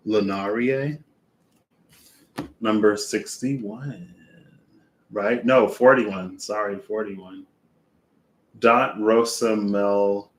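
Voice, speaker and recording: A man reading oracle cards aloud in a casual way, with unhurried, musing asides to himself between passages. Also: lowish voice. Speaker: oracle card reader.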